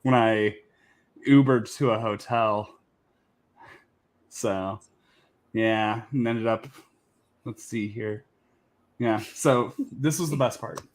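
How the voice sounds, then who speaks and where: A man co-hosting a podcast who tells his story hesitantly, with many pauses and ums. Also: fairly low pitch. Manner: hesitant, with frequent ums and restarts. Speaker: podcast co-host. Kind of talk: casual chat.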